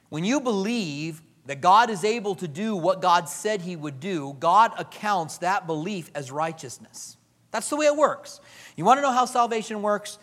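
A man preaching a sermon as pastor, animated, acting out quoted voices and swinging from loud to hushed. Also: high voice, moderate pace, in a large hall.

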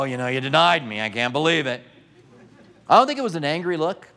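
A man's voice: fairly high pitch, fairly bright tone. A man preaching a sermon, retelling a story vividly and asking his listeners questions.

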